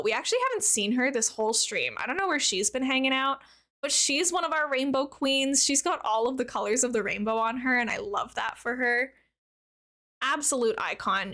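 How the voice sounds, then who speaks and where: Young woman, high voice, bubbly, chatty live-stream gamer, casual talk. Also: fairly bright tone. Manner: bubbly, chatty, reads and answers chat while playing.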